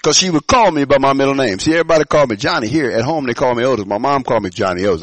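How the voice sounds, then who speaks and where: A man preaching a sermon to his congregation, emphatic, dropping to low murmurs and rising to shouted declarations, asking the room call-and-response questions. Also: racing, no echo, low-quality recording. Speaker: pastor.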